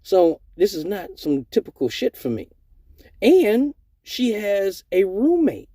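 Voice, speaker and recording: A young man spins a profane story, swinging his pitch widely as he jumps into other people's voices. His tone is mellow and dark, and the room is dry and close. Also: huge pitch swings, takes it slowly, no room sound. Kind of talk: casual storytelling.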